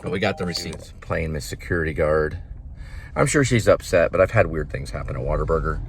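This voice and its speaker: A man's voice: a bass voice, expressive, fairly quick, vocal fry, slight background noise. A man delivering food who talks in a rambling, casual monologue that drifts into preachy exhortations. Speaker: vlogger and food delivery driver.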